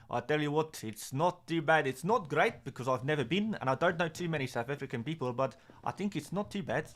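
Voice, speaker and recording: A man's voice: fairly high pitch, lively intonation, fast talker, a bit bright. A young man hosting a live fantasy football stream, talking casually in a rambling, sarcastic way.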